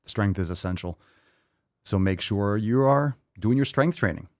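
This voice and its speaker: Lowish-voiced guy hosting a live q&a, swears a lot, dry sound. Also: measured pace, no room sound. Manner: blunt, profane, joking. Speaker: podcast host. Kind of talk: live Q&A chat.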